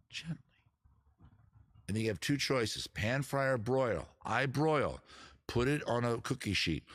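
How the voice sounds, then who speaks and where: A man's voice: mid-range voice, no echo, studio quality. A middle-aged man from Maryland, hosting a casual livestream chat in an emphatic, chatty way. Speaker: host.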